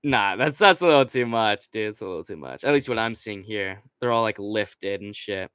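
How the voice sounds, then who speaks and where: A man's voice: fairly low pitch, animated, normal speed, fairly bright tone, smooth, dry recording. A young man hosting a casual late-night stream, rambling and swearing with lots of fillers, seated at a computer with a desk mic. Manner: rambling, profane, many fillers. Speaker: streamer host. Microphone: desk microphone right in front.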